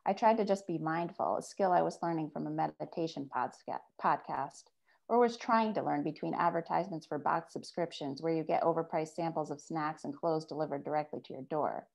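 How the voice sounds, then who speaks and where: A woman author reading her own fiction aloud in a measured first-person voice. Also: low voice, creaky, darkish tone.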